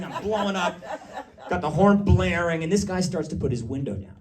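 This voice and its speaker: A man from Massachusetts doing a stand-up comedy set before a live audience, chatty and riffing, breaking into shouted rants. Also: fairly high pitch, big pitch swings, moderate pace, distant mic, loud music behind the voice.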